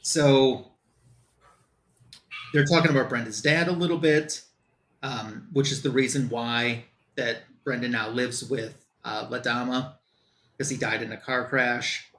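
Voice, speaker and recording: A man's voice: mid-range voice, steady tone, a little slow, a bit bright, slight background noise. A man on a comic book show, casually recapping a plot in loose quoted dialogue with lots of fillers.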